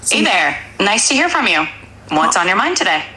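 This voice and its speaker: Female ai assistant voice, american accent, bright and crisp, upbeat, eager to please. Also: mid-range voice, sing-song, moderate pace, slight background noise, poor audio.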